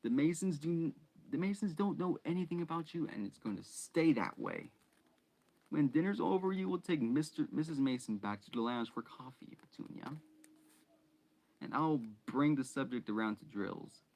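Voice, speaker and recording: A man's voice: on the high side, expressive, normal speed, a little mellow, pitched above the performer's own voice, low-quality recording. A man doing a bossy, nasty uncle. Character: bossy, nasty middle-aged uncle, blustering.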